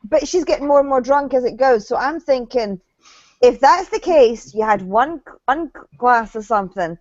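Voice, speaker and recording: A woman in her forties co-hosting a recap show, telling stories in a brash, profane, animated way. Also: high-pitched, moderate pace, no echo. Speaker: co-host of a reality TV recap show. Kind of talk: casual chat. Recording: dull, lo-fi sound.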